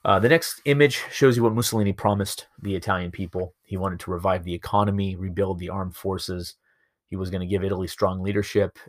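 A man teaching history over slides in a relaxed, storytelling way, with many fillers and asides. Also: sits low, dry recording, clean studio sound. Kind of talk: recorded lecture over slides.

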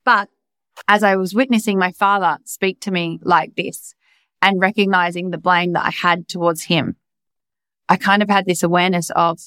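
A woman's voice: fairly low pitch, fairly even intonation, moderate pace, a bit bright, clear, resonant tone, no room sound. A young adult woman hosting a podcast, talking in a raw, emphatic, confessional way and swearing freely. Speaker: podcast host. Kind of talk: candid personal monologue.

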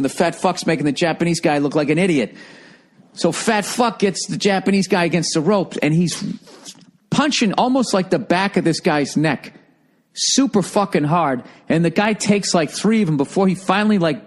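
High-voiced man telling a profane story. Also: moderate pace. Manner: animated, swears heavily, laughs while telling.

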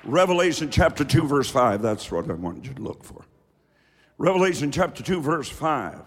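A man preaching a fiery sermon from the pulpit, dropping to low asides and rising to shouted refrains. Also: big pitch swings, moderate pace, husky, some chatter behind. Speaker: pastor. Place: church sanctuary with reverb. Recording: hall reverb from a large church.

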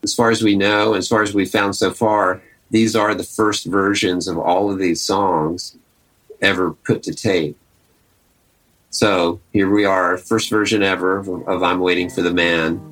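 Low-voiced man talking over faint guitar. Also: flat delivery, measured pace, fairly bright tone, low-quality recording. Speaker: archival music presenter. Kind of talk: casual spoken commentary between archival song clips.

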